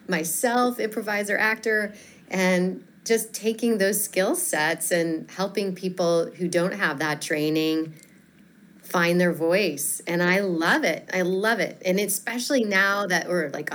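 A woman's voice: medium pitch, a bit bright. Woman, speaking coach, enthusiastic, chatty, interview guest. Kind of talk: podcast interview.

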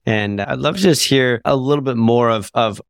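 A man hosts a podcast and asks his guest questions in a casual, enthusiastic and encouraging way. His voice sits at a middle pitch. The sound is dry and close. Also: normal speed, no room sound. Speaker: podcast host. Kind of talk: casual interview chat.

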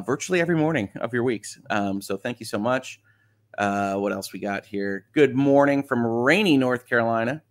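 On his easygoing morning livestream, a middle-aged host from Michigan reads viewers' comments and talks through them, laughing a lot. His voice is mid-range and a little bright.

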